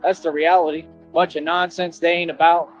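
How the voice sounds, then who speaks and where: A man's voice: a little high, level tone, a little fast. A man in a played clip, boasting in a confrontational, slangy monologue about running the streets. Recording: dull lo-fi clip audio with music.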